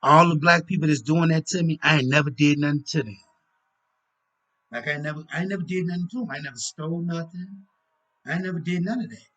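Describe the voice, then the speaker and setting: A man talks to his own camera in a loose, drifting monologue. His voice sits a little high, and he sounds tired and keeps yawning. He circles back to the same phrases and drops in murmured asides. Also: quick pace, bright, forceful tone. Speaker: vlogger. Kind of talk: casual rambling monologue to camera.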